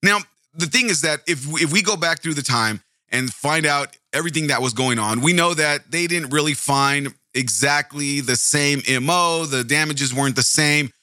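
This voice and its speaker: A man's voice: a little high, normal speed, sharp tone, no echo, studio quality. A man hosting a casual true-crime podcast, rambling, interrupting himself and swearing casually. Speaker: podcast host.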